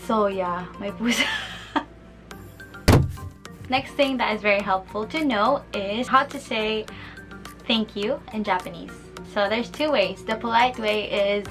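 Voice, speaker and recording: A woman's voice: mid-range voice, expressive, measured pace, pauses often. A woman with a Filipino accent hosting a casual vlog lesson, bubbly and playful, giggling often and drawing out words as she pronounces them carefully. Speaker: vlogger teaching basic phrases. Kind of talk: casual vlog lesson, mixing Tagalog and English. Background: background music.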